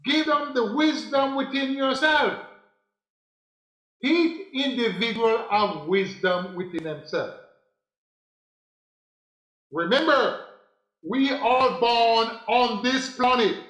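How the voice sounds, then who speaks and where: A man with a very high voice delivers a spiritual talk at an unhurried, deliberate pace. He preaches and repeats his phrases for emphasis. The recording sounds roomy and echoey. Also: a bit bright. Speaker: spiritual teacher. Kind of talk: preaching monologue.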